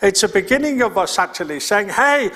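A man's voice: high voice, animated, normal speed, fairly bright tone, in a large hall. A male pastor preaching a sermon in an earnest, plain-spoken way, repeating his key points. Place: church.

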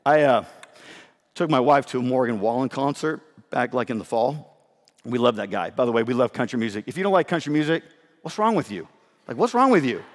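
A male pastor preaching a sermon in an emphatic, conversational way, hoarse and short of breath from losing his voice. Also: medium pitch, lively intonation, fast talker, long reverb tail.

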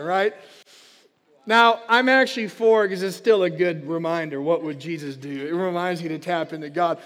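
A man giving a casual, energetic sermon as pastor, emphatic and chatty, rallying his listeners. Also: on the high side, moderate pace. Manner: chatty, emphatic, rallies the crowd. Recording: long reverb of a large hall.

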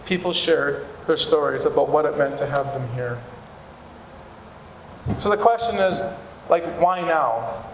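A man's voice: fairly high pitch, a little slow, long pauses, slight background noise. A male pastor giving a sermon in a church, in an earnest, conversational preaching manner. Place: church hall. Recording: echoey hall with room ambience.

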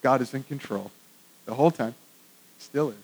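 A pastor preaching a conversational sermon to a congregation, swinging from hushed, soft remarks to loud, emphatic lines. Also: male voice, medium pitch, normal speed, husky, rough recording. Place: church with congregation.

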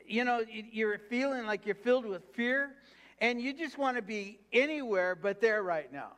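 A man with a high-pitched voice preaches to his congregation. He reads scripture aloud and then presses its point with fervent repetition, calling on the listeners to say lines back to him. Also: moderate pace, a bit bright. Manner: preaching with call-and-response prompts to the congregation. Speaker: pastor. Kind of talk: sermon.

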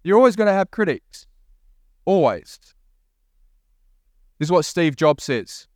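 Aussie pastor guy preaching a sermon, bit high voice, dry sound, repeats stuff for emphasis. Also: sing-song, a little slow, no echo. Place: church.

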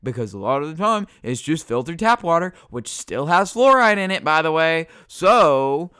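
A man's voice: fairly high pitch, big pitch swings, moderate pace, pushed and bright, clean tone. A man ranting casually in a rambling, profane and sarcastic way, full of fillers. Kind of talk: casual unscripted rant.

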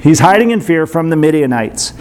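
A man in his thirties preaching, reading scripture and then talking about it in a relaxed, chatty way with lots of filler words. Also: on the high side, a little fast. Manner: conversational, uses fillers like 'like' and 'man'. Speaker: pastor. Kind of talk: scripture reading and casual sermon commentary.

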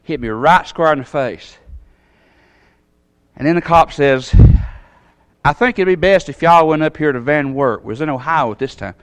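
A man telling a long personal story in a sermon, in a folksy, animated way with sudden jumps in pitch. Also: normal speed, long pauses, clear, resonant tone.

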